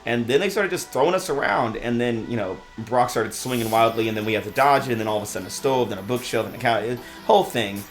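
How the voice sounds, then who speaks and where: A man's voice: mid-range voice, fast, few pauses, soft background music. A man narrating as game master in a loose, casual way, often laughing.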